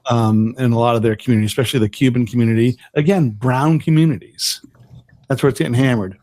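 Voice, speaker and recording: A man's voice: mid-range voice, fast talker, warm tone, no echo. A man co-hosting a podcast in casual chat, often stammering and repeating words, with some casual swearing. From lived in Massachusetts, Virginia and upstate New York. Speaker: podcast co-host.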